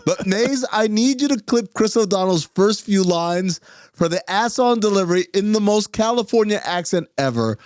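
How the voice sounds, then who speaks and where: A man's voice: high voice, expressive, normal speed, a little mellow, no room sound, clean studio sound. A man co-hosting a podcast, giving blunt, profane comments on a movie. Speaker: podcast co-host. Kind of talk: casual movie recap chat.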